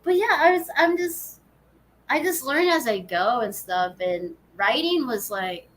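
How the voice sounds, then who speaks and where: A woman's voice: sits high, expressive, unhurried, a bit bright. A woman guest chatting casually in an interview, laughing often and restarting her sentences. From United States. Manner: bubbly, laughs often, many fillers and restarts. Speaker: guest, actress and writer.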